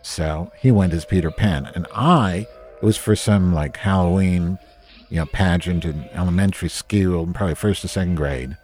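A man's voice: sits low, moderate pace, darkish tone, soft background music. A man from New Jersey hosting a casual ranting monologue, grumpy, sarcastic and full of swearing. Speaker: host.

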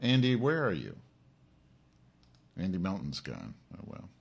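A man's voice: deep voice, wildly swooping pitch, unhurried, creaky, breathy edge, lo-fi sound. A man hosting his own live-stream show, in an angry, profane rant aimed straight at his audience.

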